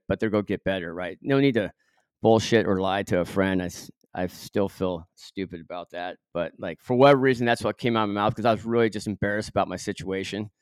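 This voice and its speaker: A man's voice: on the low side, clean tone, no room sound, clean studio sound. A middle-aged man from Southern California, a podcast guest telling a story with many fillers and acted-out quotes. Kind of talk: storytelling in an interview.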